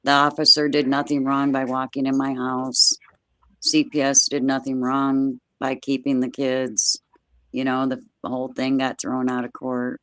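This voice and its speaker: An older woman, a guest, telling a personal story in plain, steady words with everyday dialect grammar, speaking from home over a video call. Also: very deep voice, measured pace, no echo.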